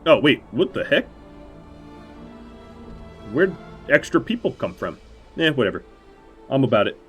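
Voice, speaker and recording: A man gives live let's-play commentary on a headset mic, thinking aloud as he makes his choices. His voice sits at an ordinary middle pitch for a man. He cracks dry, self-mocking jokes between his decisions. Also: sing-song, unhurried, fairly bright tone, soft background music. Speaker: game streamer.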